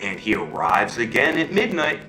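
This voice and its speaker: This storyteller, a man with a medium-pitched voice, recounts a fairy tale at normal speed with lots of animation, checking in with listeners ("okay?", "right?"). The audio is poor and reverberant.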